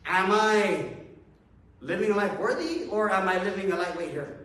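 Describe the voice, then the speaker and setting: Male preacher, high register, loose and self-mocking, heard far off in a very echoey hall. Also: normal speed, fairly bright tone. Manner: casual, self-deprecating, chuckling asides. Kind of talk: conversational sermon. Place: church hall with a congregation.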